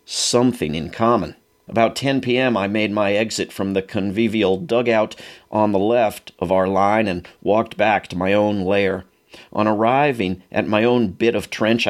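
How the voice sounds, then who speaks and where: Man narrator, low voice, measured memoir reading, unhurried. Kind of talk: reading a wartime memoir aloud.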